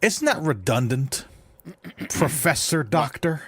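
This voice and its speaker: A man co-hosting a casual film podcast, talking in halting bursts with lots of "like". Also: on the high side, expressive, a bit bright, breathy edge, no echo. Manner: halting, full of "like" and restarts. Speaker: podcast co-host.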